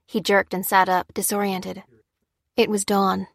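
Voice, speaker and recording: Woman audiobook narrator, steady measured reading, mid-range voice, dry close sound. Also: mid-range voice, no echo. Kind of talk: scripted narration.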